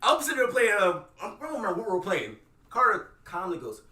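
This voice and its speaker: A man's voice: high voice, rapid-fire, distant mic. A man from New co-hosting a podcast, telling stories with lots of laughing and acted-out voices. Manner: animated storyteller, acts out voices, laughs a lot. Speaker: podcast co-host. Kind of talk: casual chat. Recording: roomy echo from off-mic.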